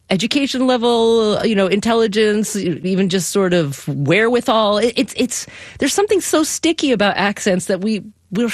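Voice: mid-range voice, no echo, studio quality. A radio talk show host interviewing a guest in an engaged, reflective, conversational way.

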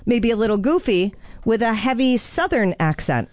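Chatty woman radio host, giggly, bouncy pitch, upper register. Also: normal speed, no room sound, studio quality. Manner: chatty and giggly, animated delivery. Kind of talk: casual radio banter. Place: radio studio.

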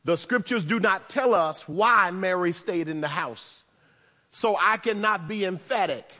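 A man preaching a sermon as pastor, in a conversational style with humorous asides, swinging between loud emphasis and hushed tones. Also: high-pitched, unhurried. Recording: long reverb of a large hall.

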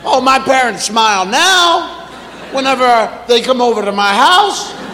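A middle-aged man doing an animated stand-up routine, acting out parents scolding children. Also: very high-pitched, a little slow, a little hiss or hum. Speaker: stand-up comedian. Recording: echoey live hall.

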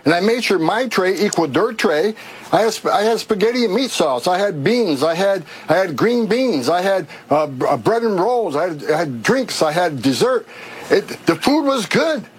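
A man's voice: high voice, lively intonation, moderate pace, slight background noise. A man, an official, giving press remarks in an emphatic, repetitive way with stumbling restarts. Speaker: government official giving a statement.

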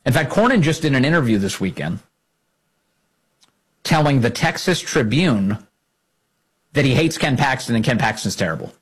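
A man hosts an opinionated political commentary show in a husky voice that climbs and falls with lively emphasis. He talks in a sarcastic, indignant way and keeps needling the people he quotes. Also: mid-range voice, moderate pace, pauses often.

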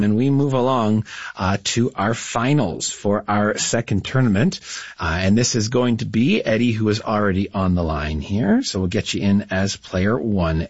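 A man's voice: mid-range voice, slightly rough, no room sound. A man hosting a radio call-in trivia quiz, chatty and encouraging with the callers. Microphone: studio broadcast mic. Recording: slightly dull, dry studio mic.

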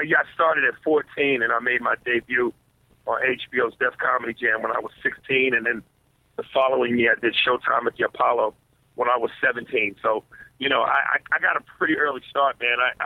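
A man who is a stand-up comedian, talking as a guest in a casual interview. He speaks in a relaxed way and stutters on repeated words. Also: medium pitch, no echo. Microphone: phone. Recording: tinny phone line.

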